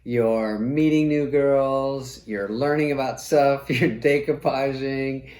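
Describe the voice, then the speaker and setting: A man's voice: mid-range voice, fairly even intonation, takes it slowly, darkish tone. A middle-aged man hosting a comedy show and delivering a profane, sardonic monologue. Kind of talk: comic monologue. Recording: roomy echo.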